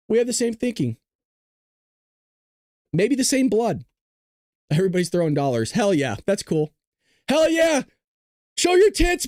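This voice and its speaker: A male livestream host rants and jokes, swearing freely as he reacts to the chat. His pitch swings widely and animatedly. The recording is dry, with the mic close. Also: no room sound. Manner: loud, ranting, profane, jokey. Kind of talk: profane live-stream rant and chat.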